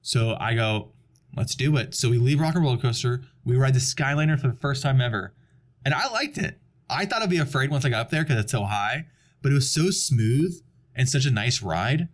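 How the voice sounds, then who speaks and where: A man's voice: mid-range voice, expressive, a little fast. A young adult man chatting casually on a podcast, telling a long story and acting out the people in it. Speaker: podcast guest. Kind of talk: casual chat.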